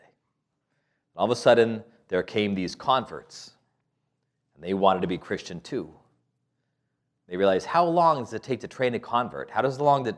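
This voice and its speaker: A man preaching a sermon in a conversational, playful way, full of rhetorical questions and light laughs. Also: fairly low pitch.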